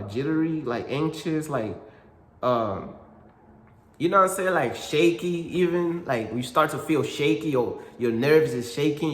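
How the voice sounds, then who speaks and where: A Christian content creator gives a casual faith talk packed with slang, repeatedly calling the listener "bro" and saying "you know what I'm saying." His voice sits in the mid range, with slight background noise, recorded in an echoey room with long reverb.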